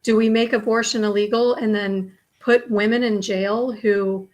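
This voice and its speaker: A woman appearing as a podcast guest, her voice pitched around the middle for a woman. She lays out her views in an earnest, steady way. She often pauses on "um" and "you know" as she thinks. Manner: earnest and measured, with many "um" and "you know" fillers. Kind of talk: casual conversational interview.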